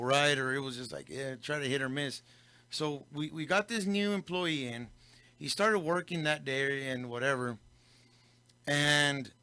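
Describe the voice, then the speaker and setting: A man's voice: a little high, bright, forceful tone, no room sound. A man hosting a local radio show, telling a story and switching between English and Spanish. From Del Rio, Texas. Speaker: radio host. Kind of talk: casual radio talk.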